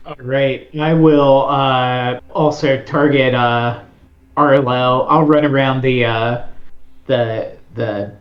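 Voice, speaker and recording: A man's voice: mid-range voice, fairly even intonation, slow, roomy sound, muffled recording. A man playing a tabletop western game, searching for words as he describes his action. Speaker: player. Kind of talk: tabletop game play, casual.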